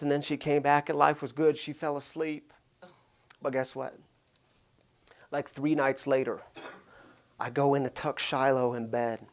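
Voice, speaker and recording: A man in his thirties preaching a sermon, telling a family story in a chatty way and asking the listeners questions. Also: a little high. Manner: conversational, asks the listeners questions. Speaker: pastor.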